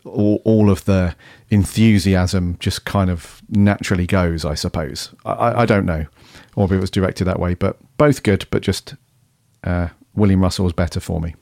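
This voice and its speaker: A man's voice: sits low, fairly even intonation, normal speed, a little mellow, no room sound, clean studio sound. A man co-hosting a podcast, talking in an easygoing, hesitant way with plenty of ums. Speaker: podcast co-host. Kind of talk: casual podcast chat.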